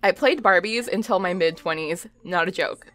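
A woman's voice: on the low side, moderate pace, fairly bright tone. A young adult woman hosting a let's play, giving chatty, giggly commentary and talking to her game characters. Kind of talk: casual gameplay commentary.

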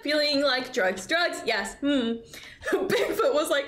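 A woman's voice: high-pitched, animated, moderate pace, fairly bright tone. A young woman streaming a horror game, chatting casually, swearing and shrieking with laughter when scared. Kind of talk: casual gameplay commentary. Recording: echoey room with faint noise.

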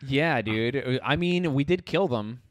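A man co-hosting a comedy podcast, riffing and acting out quick voices in casual chat. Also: medium pitch, animated, dry recording, clean studio sound. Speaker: podcast co-host.

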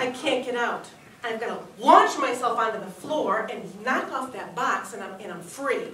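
A woman performs a humorous contest speech, telling her story in an animated way. Her high, bright voice rings through a large echoey hall, and the mic picks it up from far off. A faint room hum sits behind her. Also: fairly quick. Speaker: contest speaker.

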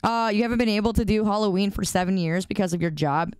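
A woman's voice: mid-range voice, fast talker, darkish tone, clear, resonant tone, no echo, studio quality. A woman streamer chatting casually and playfully with her live chat, greeting viewers by name in a sing-song way.

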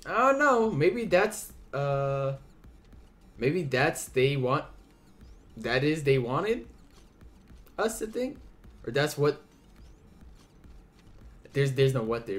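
Brief: young male game host, lively pitch, playful, reads the dialogue in voices. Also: takes it slowly, long pauses, soft background music. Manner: playful, voices the characters, casual swearing. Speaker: let's play host. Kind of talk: game playthrough, reading dialogue aloud.

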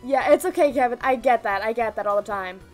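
A woman streaming a game live, bubbly and excitedly thanking her chat. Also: on the high side, fast, faint music behind. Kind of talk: casual live gameplay streaming.

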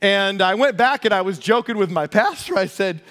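A pastor preaching a sermon, telling a personal story with lively, self-deprecating humor. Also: male voice, high-pitched, normal speed.

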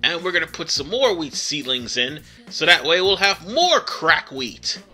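A man's voice: fairly high pitch, big pitch swings, unhurried, pushed and bright, faint music behind. A man hosting a let's play, giving casual, rambling gameplay commentary with fillers and self-corrections.

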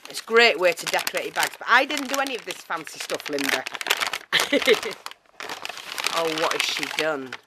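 A woman's voice: on the low side, fast talker, few pauses, very noisy. A woman chatting casually to camera as she unboxes a parcel, gushing and a little out of breath. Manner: excitable and chatty, many fillers, gushing thanks. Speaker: craft vlogger.

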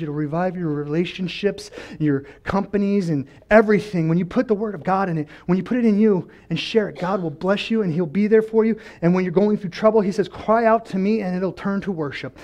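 Male pastor with a high voice, preaching with passion, from loud pleas to soft lows. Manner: impassioned, swings between loud pleading and quiet lows, laughs often. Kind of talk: sermon. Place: church.

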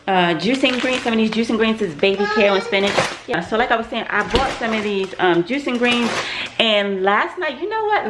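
A woman's voice: medium pitch, very noisy. A young woman, chatting casually to camera in her home kitchen, laughing often and calling her viewers "y'all.". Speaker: vlogger, mother.

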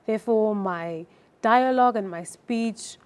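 A woman's voice: mid-range voice, unhurried. A woman taking part in an acting lesson as a student, asking questions and checking her understanding. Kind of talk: lesson dialogue.

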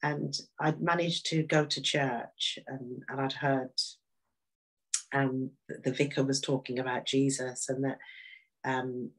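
Interview guest: woman, low voice, candid and animated testimony. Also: measured pace, low-quality recording. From Birmingham, England. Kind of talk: personal faith testimony.

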